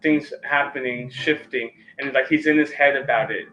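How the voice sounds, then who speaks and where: A man's voice: medium pitch, fairly even intonation, normal speed, bright, forceful tone, dull audio. A man hosting a live-stream tarot reading, talking loosely with many fillers and restarts.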